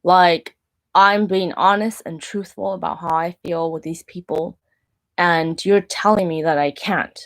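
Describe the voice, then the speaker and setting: A woman's voice: fairly low pitch, fairly even intonation, unhurried. A woman in her thirties, a Christian minister, telling a personal story in a casual, rambling way, full of "like" and restarts. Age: 30s. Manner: rambling, filler-heavy with frequent "like" and restarts.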